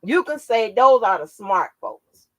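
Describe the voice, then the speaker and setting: A woman's voice: on the high side, sing-song, measured pace, dry recording, poor audio. A woman hosting her own channel, chatting casually and profanely on a livestream, laughing often as she tells stories. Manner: salty, laughing, profane storytelling. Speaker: channel host.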